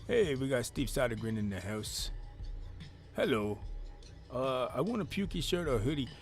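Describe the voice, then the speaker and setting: A man's voice: medium pitch, sing-song, normal speed, faint music behind. A man hosting a casual live stream, joking loosely and reading out viewer comments.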